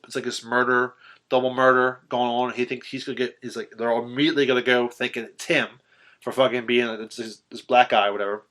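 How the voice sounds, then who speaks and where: A man on a podcast excitedly retelling a horror film's ending in casual, profanity-laced chat, full of ums and restarts. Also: mid-range voice, fairly quick. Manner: animated retelling, swearing, filler-heavy. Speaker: podcast host. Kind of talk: casual film recap chat.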